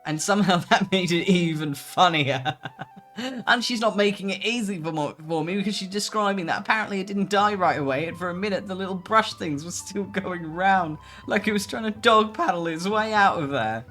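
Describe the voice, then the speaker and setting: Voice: mid-range voice, brisk, fairly bright tone, faint music behind. A streamer chatting casually while reading posts aloud, laughing often and swearing casually. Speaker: VTuber streamer.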